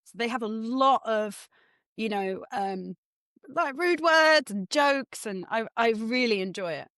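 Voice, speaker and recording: A woman from Norfolk, England, with a mixed English and mid-Atlantic accent, chatting about her work as a guest in a self-deprecating, animated way. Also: a little high, a little slow, no room sound, studio quality. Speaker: guest author and development economist. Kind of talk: casual interview chat.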